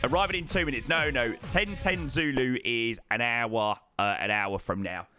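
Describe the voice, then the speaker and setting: A man's voice: mid-range voice, normal speed, pushed and bright, faint music behind. A man, chatting casually to viewers during a flight sim stream, greeting them by name and repeating words. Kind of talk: casual live-stream chat.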